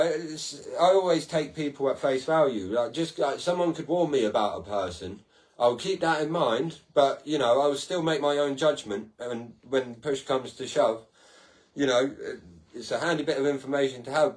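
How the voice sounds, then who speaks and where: A man's voice: mid-range voice, animated, moderate pace. A man hosting a casual podcast-style livestream, talking in a rambling, sweary way and laughing at his own stories. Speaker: livestream host.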